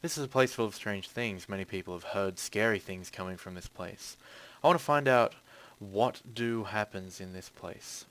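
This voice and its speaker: A gaming channel host with a lowish voice gives chatty let's-play commentary on a horror game, swearing often and letting out loud yelps when startled. The recording is rough, with clear background noise.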